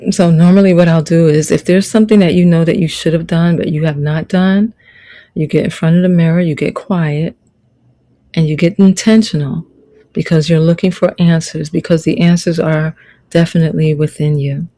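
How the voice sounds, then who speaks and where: Through rough audio, a middle-aged woman coaches an online motivational lesson in a low-pitched, steady, mellow voice at a moderate pace. She preaches and repeats her key phrases for emphasis.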